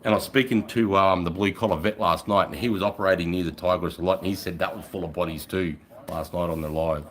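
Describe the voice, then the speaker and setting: An Australian man, a middle-aged army veteran, telling war stories on a live stream in a casual, profane, animated way. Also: low voice, fast, rough recording. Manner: profane, animated, acts out voices. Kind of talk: casual storytelling.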